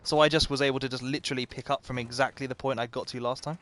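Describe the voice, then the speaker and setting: A man's voice: mid-range voice, steady tone, racing, fairly bright tone. A man commentating live as he plays a video game, chatty and self-mocking, often talking to the game itself. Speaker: game streamer.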